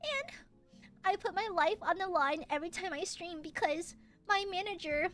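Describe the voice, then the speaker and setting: A woman streamer in casual livestream chat, reading donations with melodramatic mock suffering and yelling at her chat. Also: very high-pitched, normal speed, faint music behind.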